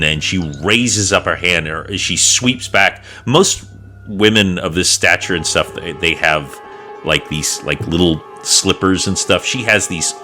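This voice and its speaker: A man's voice: low-pitched, measured pace, sharp tone, faint music behind. A man narrating as dungeon master in a rambling, casual way with many fillers. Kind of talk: narrating a tabletop game.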